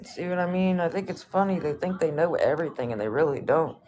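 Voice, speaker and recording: A woman's voice: low voice, expressive, quick pace, darkish tone, slight background noise. A woman chatting casually on a livestream, brushing off trolls with a laid-back, dismissive, swear-heavy manner.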